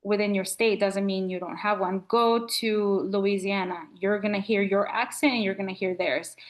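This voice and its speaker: A woman's voice: mid-range voice, normal speed. A middle-aged woman from Nicaragua, a podcast guest telling a story in casual conversation and acting out what people said. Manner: animated storyteller acting out quotes.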